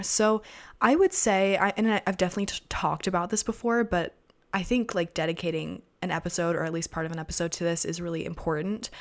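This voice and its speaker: Chatty teenage girl podcast host. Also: fairly low pitch. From America. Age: teens. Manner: chatty, filler-heavy, rambling. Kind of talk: casual solo podcast chat.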